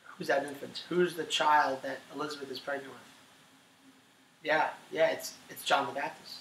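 A man teaching a class on scripture, animated, asking questions and often checking in with "right?". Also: on the high side, normal speed, far from the mic, a little hiss or hum. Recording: roomy echo from off-mic.

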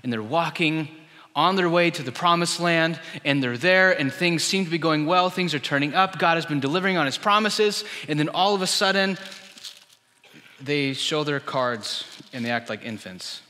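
Bright-voiced man preaching in a reverberant church. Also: a little high, moderate pace. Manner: animated storytelling, acting out quoted voices. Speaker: pastor. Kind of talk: sermon. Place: church hall.

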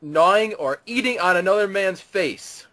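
A man's voice: high voice, normal speed, pushed and bright, a little hiss or hum. A man hosting a casual podcast, reading out weird news in a mock newscaster delivery.

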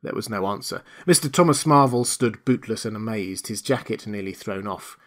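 A man narrating a classic novel as an audiobook, reading in a measured, hushed way. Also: on the low side, lively intonation. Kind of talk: scripted narration.

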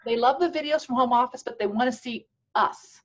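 A woman's voice: a little high, a little fast. A woman on a casual video call, explaining things at length with enthusiasm and restarts. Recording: dull lo-fi video call audio.

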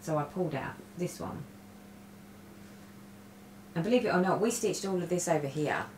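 Middle-aged woman vlogger, lowish voice, rambling chatty storyteller, recorded on a webcam in a roomy home space. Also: expressive, moderate pace, a little mellow, slight background noise. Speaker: cross-stitch vlogger. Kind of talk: casual stitch-along chat. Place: room at home. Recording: roomy echo.

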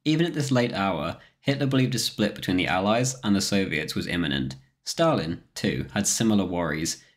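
In a scripted history documentary, a man with a very low, deep voice narrates in a measured, steady way, as if reading from a prepared text. When he reads quotations, he speaks the quote marks aloud.

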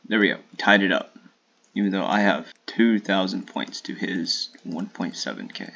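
A man streaming a shooter game in casual live commentary, swearing and trash-talking opponents with sudden excited outbursts. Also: low voice, moderate pace, gravelly, lo-fi sound.

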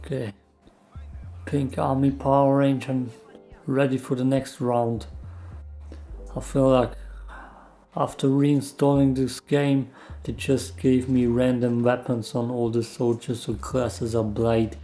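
Brief: unhurried gamer guy, dark gravelly tone, muttering play-by-play, faint background music. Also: medium pitch, flat delivery. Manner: mumbling, self-deprecating play-by-play. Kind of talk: casual gameplay commentary.

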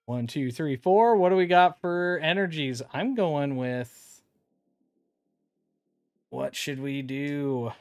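A man's voice: on the high side, a little slow, hardly any pauses, darkish tone, no room sound, studio quality. A man streaming live, opening card packs and chatting casually with his viewers. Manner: chatty, reads card names aloud, talks to chat.

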